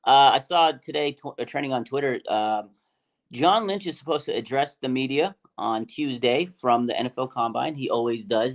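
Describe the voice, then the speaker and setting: A man chats casually on a sports podcast, animated and full of slang. His voice sits at a middling pitch, and he trips over his words with lots of fillers and restarts. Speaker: podcast host.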